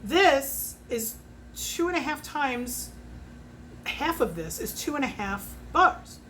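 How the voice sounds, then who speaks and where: A talkative woman in her fifties with a slightly high voice, chatting casually at home. She swears freely and works through prices out loud, and a faint hiss sits under her voice. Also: lively intonation, slow. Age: 50s. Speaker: home fragrance consultant. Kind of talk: casual chat.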